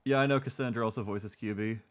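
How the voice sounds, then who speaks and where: Over music, a man speaks quickly in a fairly low voice, streaming live reactions to a video he's watching. His commentary is sarcastic and mocking, full of profanity.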